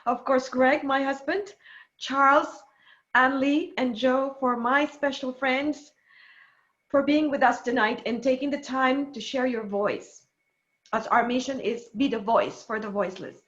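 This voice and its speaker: A woman's voice: sits high, a little slow, fairly bright tone, highs cut off. A woman hosting a live online show and closing it with effusive, emotional thanks. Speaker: show host and author.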